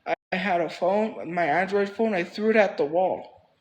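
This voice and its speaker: Man, high voice, livestream storyteller; rambling, repetitive, defensive. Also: a little slow, rough recording. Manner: rambling, repeats phrases for emphasis.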